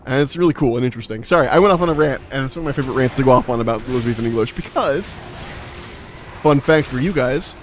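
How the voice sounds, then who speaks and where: A young man on a live game stream, talking in a loose, rambling way and padding his thoughts with "like" as he explains. His voice sits at an average pitch, with faint background noise under it. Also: fast. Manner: rambling, explanatory, lots of filler "like". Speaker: livestreamer. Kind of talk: casual chat while gaming.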